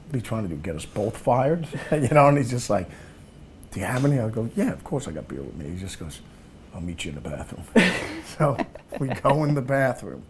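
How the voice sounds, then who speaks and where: A man telling a story in a lively, laughing way in an interview. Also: mid-range voice, fairly quick, slight background noise.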